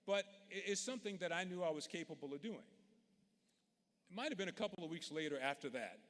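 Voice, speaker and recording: A man's voice: fairly high pitch, lively intonation, fast, fairly bright tone. Man in an arena. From Louisiana. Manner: folksy, earnest, direct. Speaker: commencement speaker. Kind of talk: commencement speech, storytelling. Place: large indoor arena. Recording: long reverb of a big arena.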